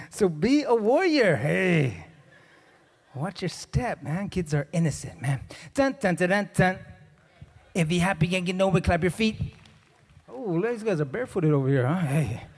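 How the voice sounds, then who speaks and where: A high-pitched man with an expressive voice, a stage performer, tells a comic story at a measured pace with long pauses. Laid-back and joking, he hypes up the crowd with call-and-response. He's in a large conference hall, and the recording is reverberant.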